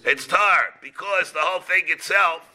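A rabbi delivers a Talmud class in a strikingly bright, tense voice that sits fairly high for a man. He talks haltingly, restarts and repeats words, and weaves Hebrew and Aramaic terms into plain English.

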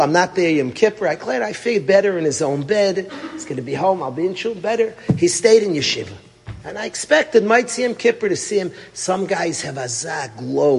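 With a slightly high, gravelly voice carrying a breathy edge, this middle-aged yeshiva rabbi narrates a story within a sermon. He presses his points, poses rhetorical questions, and shifts from loud to hushed. The room sounds big.

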